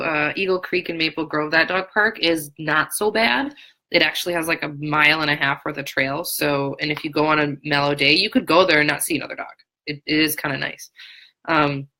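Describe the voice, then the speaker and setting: Frank, chatty woman, low and bright. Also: low-quality recording. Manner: frank, chatty, many fillers and restarts. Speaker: dog trainer. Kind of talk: live Q&A chat. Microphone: phone or webcam on a live stream.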